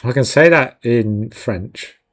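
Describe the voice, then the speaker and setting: A man's voice: mid-range voice, slow pace, faint music behind. A man hosting a live stream, chatting casually and jokingly with viewers while he works, laughing often. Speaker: 3D art stream host.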